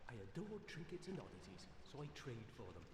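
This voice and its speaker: A man's voice: mid-range voice, sing-song, fairly quick, natural voice. An actor playing a polite wandering male peddler who loves trinkets, with a courteous, genteel manner. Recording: roomy game audio under noise.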